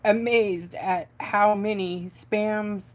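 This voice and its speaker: A woman's voice: medium pitch, fairly even intonation, slow pace, a little mellow. Chatty woman hosting a craft stream. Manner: chatty, giggly, talks to viewers. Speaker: craft livestream host. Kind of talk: casual livestream chat while crafting.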